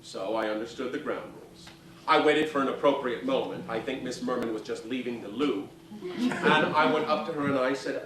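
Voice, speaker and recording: A middle-aged man telling comic stories on a theater stage in an animated, theatrical way, in front of a live audience. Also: mid-range voice, normal speed, slight background noise. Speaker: solo stage performer. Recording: echoey theater from far off.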